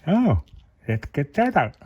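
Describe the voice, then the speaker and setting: A middle-aged man hosting a car repair channel, thinking aloud in an unhurried way while he works on a part at his bench. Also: fairly high pitch, sing-song, warm tone, breathy edge, lo-fi sound. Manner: talks with a flashlight in his mouth at times. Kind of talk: hands-on repair demonstration.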